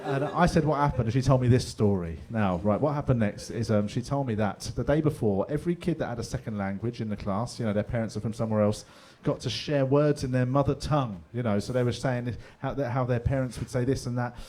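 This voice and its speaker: A man's voice: mid-range voice, fast talker, few pauses, warm tone. A middle-aged man with a London accent doing stand-up comedy in a pub, chatty and swearing, slipping into other people's voices. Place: pub stage with live audience.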